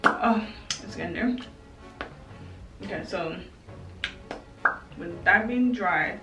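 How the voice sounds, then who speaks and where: A woman's voice: medium pitch, slow pace, pauses often, recorded from a distance. A young woman chatting casually through a makeup routine for her viewers, loose and slangy. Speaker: beauty vlogger. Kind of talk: casual makeup tutorial chat. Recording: roomy and off-mic with music.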